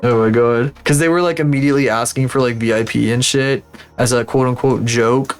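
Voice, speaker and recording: A male streamer rants loosely and swears freely, his voice in a middling pitch. Faint background music plays under him as he works on stream. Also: a little fast, clear, resonant tone. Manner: profane, ranting, animated. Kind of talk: casual livestream chat while working.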